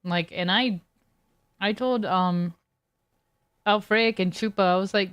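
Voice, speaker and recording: A young woman's mid-range voice, a bit bright, clear and resonant, comes slowly and with long pauses as she streams a video game. She chats casually with viewers, rambling through a long story full of fillers and restarts, with no room sound.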